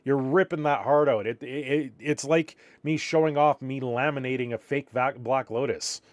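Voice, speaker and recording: A Canadian man, a little tired, rambles casually on a live stream, reacting to viewers' messages at a normal speed. His voice is mid-pitched, and the recording is dry and close with no echo.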